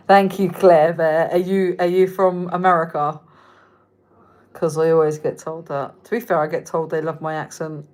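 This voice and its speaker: Casual southern english woman on a livestream, a bit low-voiced, chatty and sweary, answers viewer comments. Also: flat delivery, unhurried, a little mellow. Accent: Reading, southern English. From England. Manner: chatty, frank and swearing, loses her thread. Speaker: livestream host.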